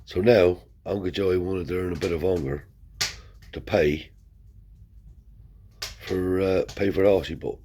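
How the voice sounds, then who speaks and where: Deep-voiced man telling a rambling yarn. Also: steady tone, a little slow, pauses often, dark tone, a little hiss or hum. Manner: rambling, swears freely, acts out dialogue; broad colloquial speech. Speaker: storyteller. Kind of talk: casual spoken anecdote.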